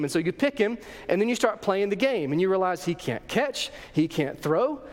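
A man preaching a sermon as a pastor, telling the story in a lively way and acting out the voices. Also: sits high, a little fast, few pauses, big-room sound.

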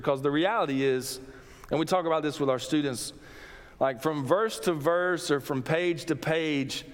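A man preaching a conversational sermon, often restarting his sentences. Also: on the high side. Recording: long hall reverb.

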